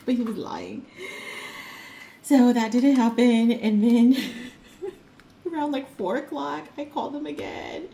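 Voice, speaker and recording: A woman's voice: on the high side, a little slow, pauses often, warm tone. A middle-aged woman hosting a crafting vlog, chatting casually at home in a rambling, storytelling way full of fillers and light laughs. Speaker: crafting vlogger. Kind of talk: casual chat while crafting.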